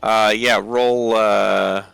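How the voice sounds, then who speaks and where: A man running a tabletop game as dungeon master, slow and halting with plenty of "uh". His voice is bright, with faint music in the background. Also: on the low side, steady tone, gravelly, smooth. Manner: halting, many "uh" fillers.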